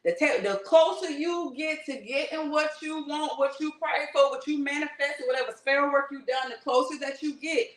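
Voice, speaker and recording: A woman's voice: sits high, normal speed, hardly any pauses. A woman giving a fervent, slangy spiritual workshop talk, blunt and not shy about swearing. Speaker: spiritual teacher. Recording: roomy echo.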